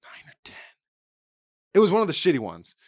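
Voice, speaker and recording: A man's voice: high voice, wildly swooping pitch, fairly quick, dry recording, clean studio sound. A man co-hosting a podcast in casual chat, rambling and swearing as he acts out quotes. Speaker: podcast co-host.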